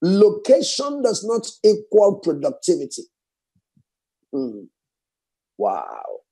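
A man preaching a sermon fervently, repeating phrases and swinging from raised exclamations to hushed prayer. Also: high-pitched, sing-song, a little slow, slightly rough.

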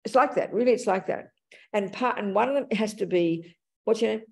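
A woman's voice: medium pitch, fairly quick, gravelly, a little mellow. A woman Buddhist teacher giving a dharma talk and answering audience questions, speaking frankly and calling people darling and sweetie.

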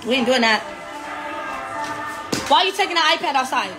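A woman's voice: high voice, expressive, moderate pace, music in the background. A woman, talking bluntly and profanely on a casual live stream from her phone. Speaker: livestreamer.

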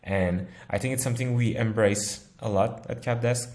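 A man who works as a software engineer answering interview questions in a thoughtful, easygoing way, often laughing. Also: medium pitch, steady tone, normal speed. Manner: thoughtful, laughs easily, uses analogies.

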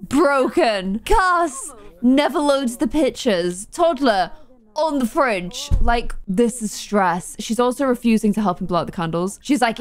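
A young woman narrating her game with a lively, bouncing voice that sits fairly high. She chats casually, exasperated and quick to exclaim at every mishap on screen. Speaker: gaming YouTuber. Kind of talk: casual gameplay commentary.

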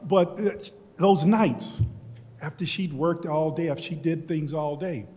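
An older man from Texas recalls his upbringing and student days on a panel, speaking in a slightly high voice. His talk is reflective and conversational, with frequent restarts. The sound carries a long reverb from a large hall. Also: a little slow, dark tone. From Beaumont, Texas, US. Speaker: professor on a history panel. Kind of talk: personal storytelling at a panel.

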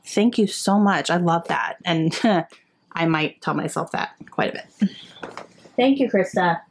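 Chatty woman unboxing gifts, lowish voice. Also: measured pace, a little hiss or hum. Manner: excited and chatty, gasping and laughing often. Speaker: book vlogger. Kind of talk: casual unboxing chat.

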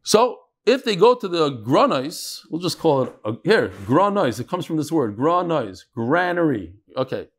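A man giving a live Talmud lecture to a study hall, lively and joking, freely mixing in Hebrew and Aramaic terms. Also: a little high, normal speed, hardly any pauses. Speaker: Talmud class teacher.

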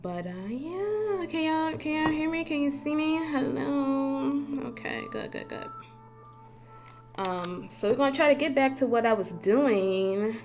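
A woman's voice: sits high, lively intonation, measured pace, music in the background. Woman streaming a game on a desk mic, chatty and cussing, laughs a lot. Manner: chatty, swears freely, laughs often. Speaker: gaming streamer. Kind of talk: casual live-stream chat. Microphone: desk mic with facecam.

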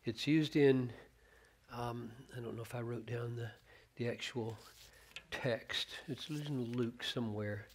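A middle-aged man preaching a sermon, teaching on scripture in an earnest, animated way and quoting verses with changing emphasis. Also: medium pitch, takes it slowly, a little hiss or hum.

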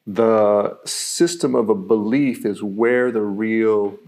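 A man's voice: fairly low pitch, slow, darkish tone. A man giving a live-streamed self-mastery teaching talk, reflective and explaining through everyday examples, with many fillers.

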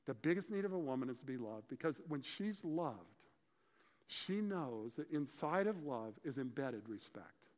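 A man preaching a sermon, explaining scripture and telling stories with lively, acted-out dialogue. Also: medium pitch, moderate pace. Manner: animated storytelling, acts out dialogue. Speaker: pastor. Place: church sanctuary. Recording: church hall reverb.

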